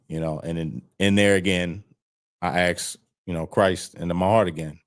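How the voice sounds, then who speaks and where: His voice sits low with fairly even intonation and a normal pace. He's on parole and being interviewed over a video call, casually and candidly telling his story with blunt language and free swearing.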